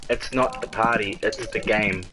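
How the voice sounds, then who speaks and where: A man's voice: fairly low pitch, steady tone, moderate pace, rough recording. A man with a New Zealand accent in casual online game chat, laid-back and chuckling, swearing now and then. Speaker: gamer chatting in an online party.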